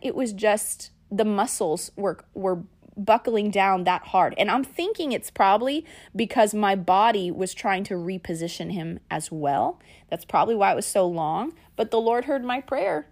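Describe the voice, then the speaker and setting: A woman podcast host, telling a personal story in a lively way and calling her listeners y'all and guys. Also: mid-range voice. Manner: animated, acts out quoted lines.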